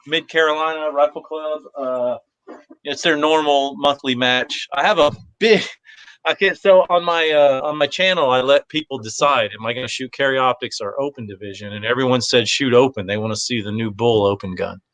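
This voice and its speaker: A man's voice: medium pitch, normal speed, fairly bright tone, no echo. A man talking as a guest in a casual chat, easygoing and rambling, with lots of fillers. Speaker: guest, competitive shooter.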